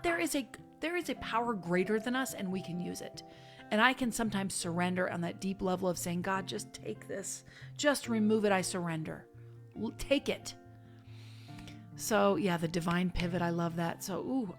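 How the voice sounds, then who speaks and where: A woman leading a relaxed online sermon, talking to her flock like friends. Her voice sits at an ordinary pitch and turns fervent when she urges them on. Faint music plays behind her. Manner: warm, chatty, with bursts of fervent exhortation. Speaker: spiritual minister.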